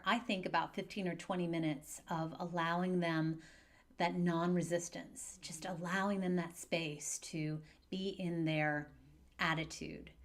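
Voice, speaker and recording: A woman coaching parents through divorce in a calm, gentle and measured way, speaking straight to her viewers in an advice video. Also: fairly low pitch. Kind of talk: direct-to-camera advice video.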